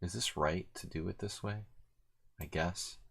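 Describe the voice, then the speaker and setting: Low-voiced man thinking aloud over chess. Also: measured pace, gravelly, fairly bright tone, slightly rough. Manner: thinking aloud, unsure and self-mocking, many fillers. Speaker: chess streamer playing blitz. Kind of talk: casual live commentary while playing.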